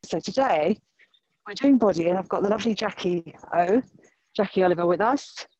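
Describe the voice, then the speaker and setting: A woman's voice: medium pitch, animated, normal speed, darkish tone, no room sound. A woman hosting an interview while walking in a park, out of breath and chatty. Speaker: podcast host. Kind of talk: casual interview. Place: outdoor park. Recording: dull lo-fi recording.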